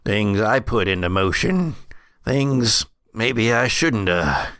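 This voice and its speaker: A man voicing a grim, dying old man in a wheelchair who talks slow and folksy, with coughs. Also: on the low side, lively intonation, fairly bright tone, dry recording, clean studio sound, full character voice.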